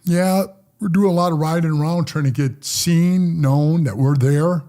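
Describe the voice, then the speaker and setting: An older man, a podcast guest, telling stories in a casual interview. He talks roughly and swears, and he acts out the people in his stories. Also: on the high side, steady tone, measured pace, warm tone. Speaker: podcast guest, former motorcycle club president.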